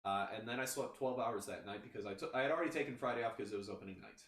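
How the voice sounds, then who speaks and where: Talking very fast in a fairly low, slightly bright voice, a man rambles through a story as a podcast host, restarting often and leaning on "you know." The casual chat sounds roomy, with a distant mic and faint background noise.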